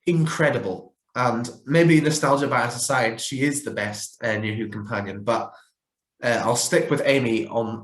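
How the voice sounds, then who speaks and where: A man talks through his rankings in a casual, opinionated way, often pausing on fillers and correcting himself mid-sentence. His voice sits at an ordinary middle pitch. The recording carries a noticeable roomy echo. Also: fairly bright tone. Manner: opinionated, chatty with frequent fillers and self-corrections. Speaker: fan reviewer ranking characters.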